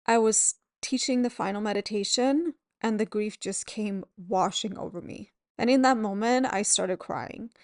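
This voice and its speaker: A woman hosting a podcast as a yoga teacher, talking in a gentle, candid and reassuring way at home. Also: on the high side, no echo, studio quality. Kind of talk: reflective solo podcast talk. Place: at home at a table.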